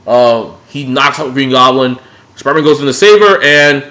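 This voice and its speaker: A man casually reviewing superhero movies in an excitable way, swearing freely. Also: mid-range voice, moderate pace. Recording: dull lo-fi recording.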